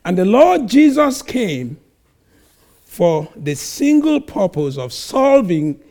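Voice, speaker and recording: A man preaching a sermon, reading scripture slowly and stressing words with sudden loud emphasis. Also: high voice, sing-song.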